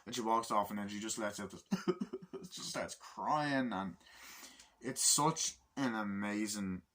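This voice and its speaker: Male home film reviewer, lowish voice with a bright edge, rambling, excitable, swears freely. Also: unhurried. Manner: rambling, enthusiastic, swears casually. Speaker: movie reviewer. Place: room at home with window open.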